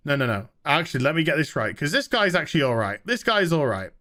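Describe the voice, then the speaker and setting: A man voicing a gruff middle-aged male villain in a low, mock-serious mutter. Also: sing-song, quick pace, bright, forceful tone.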